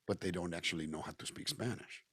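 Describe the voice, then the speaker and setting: Speaking quickly in a deep, slightly rough, somewhat bright voice, this guest musician and actor from Southern California chats casually in an interview over a video call. He's reflective and talkative, going on at length and voicing the people he quotes. The recording is studio quality with no room sound.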